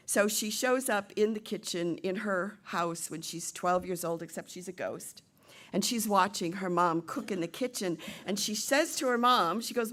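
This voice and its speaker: A middle-aged woman minister preaching a sermon, retelling a play and voicing its characters with lively shifts. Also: on the low side, normal speed. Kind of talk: sermon with storytelling.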